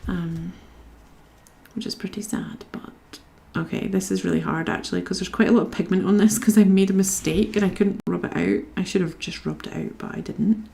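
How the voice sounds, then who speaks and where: A woman's voice: fairly low pitch, fairly even intonation, moderate pace, creaky, mellow. A young woman from Scotland chatting casually to her live-stream viewers while she colours, reading out their comments and talking to herself as she works.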